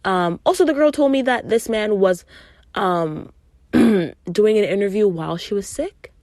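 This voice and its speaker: A woman's voice: medium pitch, expressive, measured pace, a little mellow, no room sound, studio quality. A young adult woman hosting a podcast, telling a story in a casual, emphatic way, swearing freely and acting out what people said. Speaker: podcast host.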